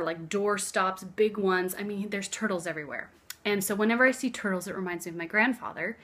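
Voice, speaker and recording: A young woman chatting to her phone camera from her living room floor, warm-hearted and sometimes dropping to a hush. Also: medium pitch. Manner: chatty and heartfelt, drifting soft and hushed at times. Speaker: craft vlogger. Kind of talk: casual chat to camera. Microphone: phone camera on a stack of books.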